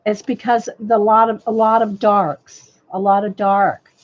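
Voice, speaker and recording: A woman's voice: medium pitch, level tone, unhurried. A woman chatting casually on a live stream as she teaches colored-pencil drawing, rambling with many restarts and talking to viewers by name; her voice crackles a little. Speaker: livestream art host. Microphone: desk microphone. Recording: dull dry lo-fi mic audio.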